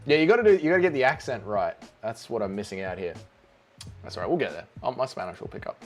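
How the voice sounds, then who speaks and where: A man's voice: medium pitch, sing-song, quick pace, soft background music. A man hosting a casual watch-along livestream, joking around and reading out chat messages. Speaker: livestream host.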